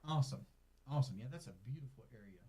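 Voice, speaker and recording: Casual southern guy from north carolina, financial coach doing a live q&a, talks easy and keeps saying okay, mid pitch. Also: expressive, rapid-fire, dark tone. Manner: chatty, reads viewer comments aloud, tags lines with "okay?". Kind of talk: casual livestream Q&A. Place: office. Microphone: clip-on mic added partway.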